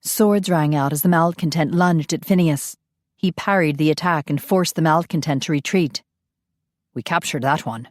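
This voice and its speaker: Audiobook narrator, woman, low voice, dry close recording, measured reading. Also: no echo. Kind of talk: scripted narration.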